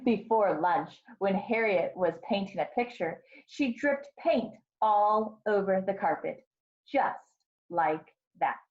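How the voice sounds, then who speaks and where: Woman kindergarten teacher, story time, slow and very lively pitch. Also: lo-fi sound. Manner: slow, expressive storytelling with questions to the class. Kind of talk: reading a picture book aloud to children.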